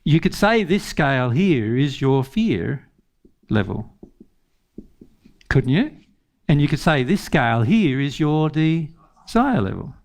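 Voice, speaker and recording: A man's voice: fairly high pitch, very animated, takes it slowly, pauses often, darkish tone. Earnest man teaching, laughing often. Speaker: spiritual teacher. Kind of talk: informal teaching talk.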